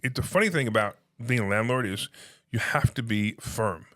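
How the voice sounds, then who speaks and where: A man telling stories in casual conversation, animated, acting out phone calls in quoted voices. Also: mid-range voice, moderate pace. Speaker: podcast guest, real estate investor.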